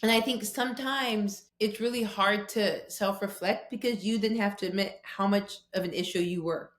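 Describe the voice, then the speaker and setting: A woman guest on a podcast, telling personal stories about conflict in a lively conversational way, acting out quoted voices. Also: mid-range voice, moderate pace, reverberant. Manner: animated storytelling with quoted voices.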